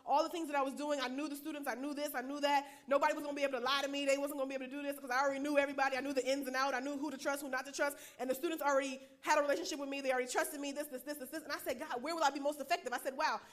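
High-voiced, fast-talking woman preacher. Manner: fast-talking, animated, laughs often. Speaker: chaplain. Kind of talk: preaching a personal testimony.

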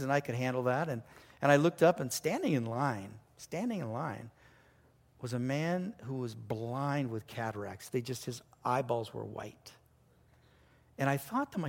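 A man preaching a sermon as pastor, telling a story earnestly, with sudden excited rises and quiet drops. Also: medium pitch, gravelly.

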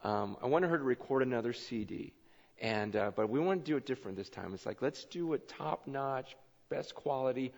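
A man preaching a sermon, telling stories in an excitable way with many fillers and restarts. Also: mid-range voice, fairly quick, gravelly. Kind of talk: sermon storytelling. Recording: echoey hall, dull lo-fi sound.

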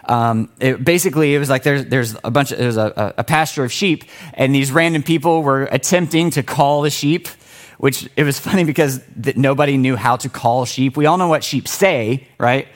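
A man delivering a sermon with a relaxed, conversational feel. He tells stories in an animated way and often stops and restarts his sentences. His voice sits at a middle pitch. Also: moderate pace. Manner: casual, animated storytelling with frequent restarts. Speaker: pastor.

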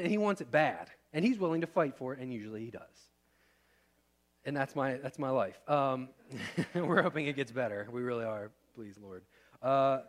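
Conversational man preaching a sermon. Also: medium pitch. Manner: conversational, rhetorical questions, shifting loud and soft. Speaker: pastor.

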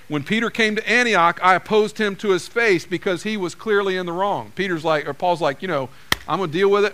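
A man's voice: high voice, a bit bright, clear, resonant tone. A man preaching a sermon, conversational and direct, acting out the lines people say to each other. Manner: conversational preaching, acts out quoted dialogue. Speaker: pastor.

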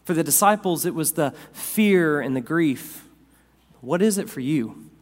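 A man preaching a sermon as pastor, swinging from loud, raised lines down to quiet, soft ones. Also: a little high, expressive, unhurried. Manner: dynamic preacher, rising loud then dropping soft. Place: church sanctuary. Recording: long hall reverb.

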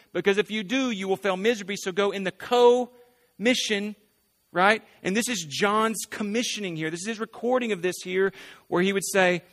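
A man's voice: high voice, a bit bright. A male pastor preaching a conversational sermon, asking rhetorical questions and often adding "right?".

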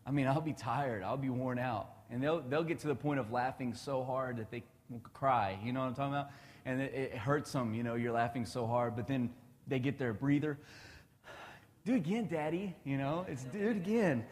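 A man's voice: mid-range voice, fairly even intonation, fairly quick, long reverb tail. A man in his thirties giving a casual devotional talk, chatty and laughing often.

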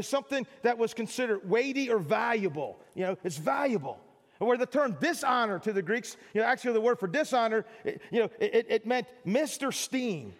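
A man's voice: very high voice, long reverb tail. A man preaching a sermon as pastor, talking conversationally and acting out little everyday scenes for his congregation.

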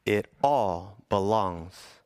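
A man's voice: on the low side, expressive, very slow, a little mellow, clean tone, dry recording. Joking, conversational male pastor. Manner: humorous, conversational, asks the audience questions. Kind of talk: sermon.

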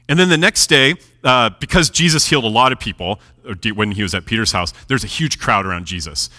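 Male preacher, casual storytelling sermon, lively swooping delivery, bright tone. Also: fairly low pitch, fast talker, hardly any pauses. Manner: chatty, animated, laughs at own jokes.

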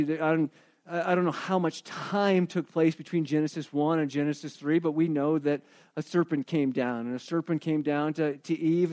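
High-voiced, animated male preacher. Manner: animated storytelling, emphatic, rhetorical questions. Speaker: pastor. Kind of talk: sermon.

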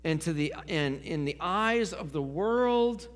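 A man preaching a sermon, swinging from loud emphasis to hushed near-whispers. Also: on the high side, lively intonation, slow pace. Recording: long hall reverb.

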